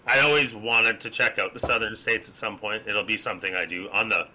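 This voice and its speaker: A man's voice: lowish voice, steady tone, a little fast, pushed and bright. A man co-hosting a podcast, rambling in a laid-back, casual way. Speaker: podcast co-host.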